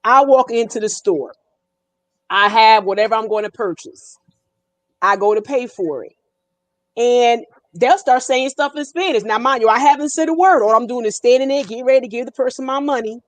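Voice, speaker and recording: High-voiced emphatic woman with a Jersey accent. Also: moderate pace, no room sound. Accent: New York–North Jersey. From Brooklyn, New York. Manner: animated, emphatic storyteller. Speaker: panel guest. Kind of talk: casual panel discussion.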